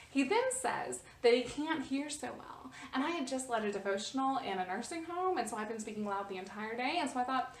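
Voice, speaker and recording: A woman vlogger telling a personal story in a casual, animated way, often restarting her sentences. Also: high-pitched, brisk, hardly any pauses, reverberant, distant mic. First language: English. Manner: animated, restarts often, rises when reliving the scene.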